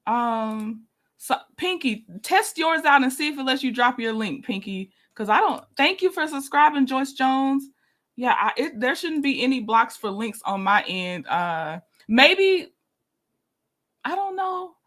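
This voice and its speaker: A woman's voice: a little high, expressive, a little slow, fairly bright tone. Chatty woman greeting her live chat. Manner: chatty, greets viewers by name, laughs often. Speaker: livestream host. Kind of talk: casual live-stream chat.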